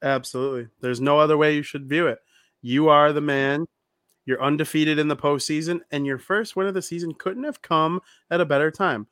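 A man's voice: a little high, brisk, no echo. Young man, casual podcast co-host, jokey banter, dry sound. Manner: joking, excitable fan banter. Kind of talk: casual sports podcast chat.

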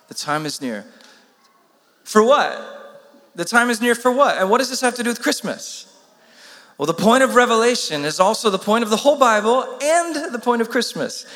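Male pastor, high voice, emphatic urgent sermon, long hall reverb. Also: animated, normal speed, fairly bright tone. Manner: urgent, emphatic preaching with rhetorical questions.

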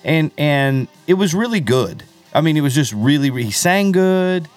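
A man co-hosting a podcast, chatting casually and rambling about country music. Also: moderate pace. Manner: rambling, animated, drops into low impressions of others. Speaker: podcast co-host.

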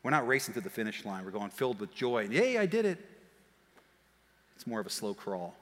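A man preaching a sermon as pastor, telling stories in a lively way that swings from quiet asides to shouts. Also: on the low side. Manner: animated storytelling, shouting and quick laughs. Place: church auditorium. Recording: long hall reverb.

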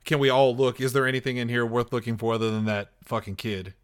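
Smooth-voiced man playing a tabletop game. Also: mid-range voice, fairly even intonation, fast. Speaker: player. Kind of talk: casual tabletop role-play. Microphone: online voice call.

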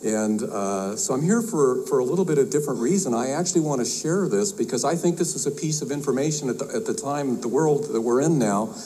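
A man who is an herbalist giving a talk to health practitioners, folksy and halting, with many fillers and restarts. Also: mid-range voice, expressive, mellow, low-quality recording. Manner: tells a joke with acted voices. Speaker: herbalist speaker at a health conference.

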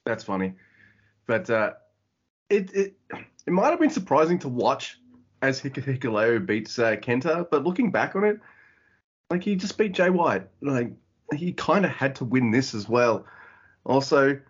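A man co-hosting a podcast, chatting casually in an animated way, swearing and acting out quotes. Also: mid-range voice, a little slow, pauses often, slightly rough. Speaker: podcast co-host. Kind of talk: casual chat. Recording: dull lo-fi audio.

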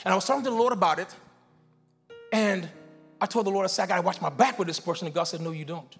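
A man preaching a sermon as pastor, leading his congregation in call-and-response and rising into shouts. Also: sits high, fast talker, creaky, soft background music. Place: church sanctuary before a congregation.

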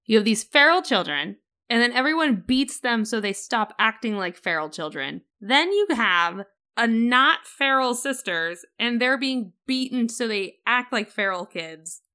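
Bright, chatty woman co-host. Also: on the high side, lively intonation, measured pace, clear, resonant tone. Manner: chatty, emphatic asides. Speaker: podcast co-host. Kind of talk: casual chat.

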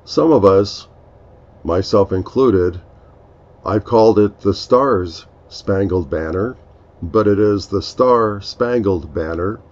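A man hosting a reflective devotional talk, speaking in a slow, earnest, explaining way. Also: lowish voice, darkish tone, highs cut off. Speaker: podcast host.

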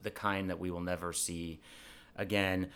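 An American man talks film history on a casual podcast, bursting with enthusiasm. His voice sits fairly low but sounds bright and forceful, and he rambles with frequent restarts. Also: level tone, normal speed, clear, resonant tone. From United States. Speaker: podcast co-host. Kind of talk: casual chat.

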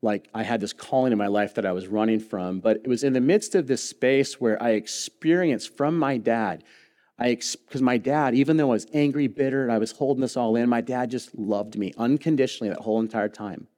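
A male pastor preaching to his congregation, weaving a personal story with light jokes and earnest appeals. His voice sits at an ordinary middle pitch, and he speaks from the stage of a church sanctuary. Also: brisk, mellow. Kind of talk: sermon.

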